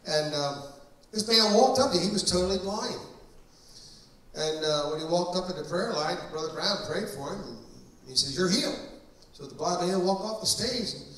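This high-pitched male pastor, his tone fairly bright, preaches at a deliverance service with emphatic stories and frequent filler words. The setting is a church hall, and the distant mic picks up a lot of echo.

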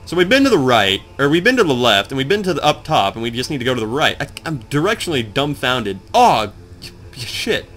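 A man in casual gameplay commentary, just up and groggy, rambling to his viewers and swearing as he gets lost and then excited. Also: medium pitch, a little fast. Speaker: let's play commentator. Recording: faint game music behind.

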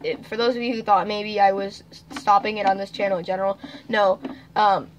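A woman's voice: medium pitch, fairly even intonation, brisk, a little hiss or hum, poor audio. A teenage girl joking around with her sister in casual chat, goofy and blurting random silly lines. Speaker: sister and co-host. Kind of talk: chaotic casual chat with a sibling.

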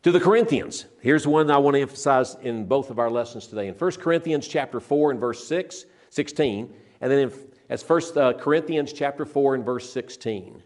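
Delivering a sermon, this older man sounds earnest and emphatic, and his pace drops whenever he underlines scripture. He repeats and restarts phrases often, in a medium-pitched, slightly mellow voice.

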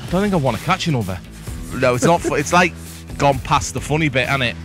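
A man's voice: medium pitch, animated, fast. English guy fishing, too hot, out of breath, moaning, faint music under it. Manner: complaining, weary, wry. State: overheated, out of breath. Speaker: angler and co-host. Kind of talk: banter while fishing outdoors. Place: outdoors at a fishing lake.

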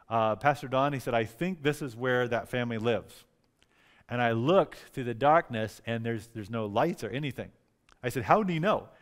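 A pastor preaching a revival sermon, telling stories with lively emphasis and acting out quoted lines softly. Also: male voice, mid-range voice. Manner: animated, repeats words for emphasis, acts out quotes softly. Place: church sanctuary.

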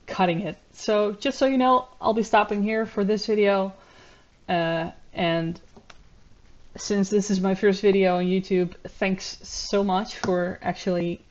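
A woman commentating on a video, talking in a measured, reflective way with frequent ums and uhs. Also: mid-range voice, a little mellow, lo-fi sound. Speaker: YouTube commentator. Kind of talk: analytical commentary.

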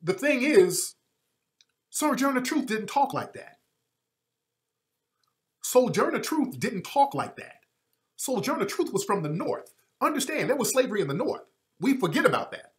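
A man's voice: sits high, big pitch swings, unhurried, pauses often. A man giving a heated commentary rant, emphatic and repetitive, with frequent swearing. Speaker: online commentator.

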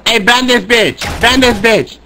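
A man's voice: very high voice, a little slow, bright, forceful tone, a little hiss or hum, poor audio. A man barking orders in broken English over online game voice chat, bossy and insistent.

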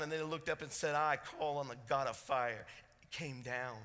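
A pastor preaching a sermon, swinging between loud, fervent passages and hushed, intense ones. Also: male voice, a little high, steady tone, moderate pace. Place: church sanctuary. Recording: church sanctuary reverb.

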